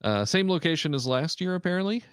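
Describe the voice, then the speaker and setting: A man co-hosting a casual podcast chat, reading through a list with frequent pauses and fillers. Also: on the high side, lively intonation, clear, resonant tone, dry recording, clean studio sound. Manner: halting, many "uh" fillers while reading out a list. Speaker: podcast co-host.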